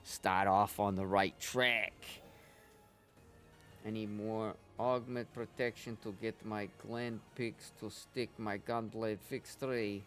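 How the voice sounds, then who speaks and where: A man's voice: fairly low pitch, fairly even intonation, slow, fairly bright tone, faint music behind. Chatty, swearing male game streamer. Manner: chatty, swears freely, coos at pets. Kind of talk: casual gameplay commentary.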